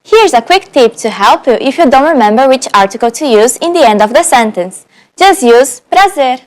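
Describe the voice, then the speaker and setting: A woman teaching beginner phrases in a clear, patient way, slowing down to model each sentence. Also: sits high, big pitch swings. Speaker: language teacher. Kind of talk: on-camera language lesson.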